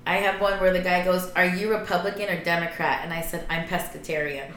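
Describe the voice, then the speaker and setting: A woman comedian on a podcast, telling stories with deadpan punchlines and laughing at her own jokes. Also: on the low side, normal speed, roomy sound, a little hiss or hum. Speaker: comedian guest. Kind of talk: casual chat.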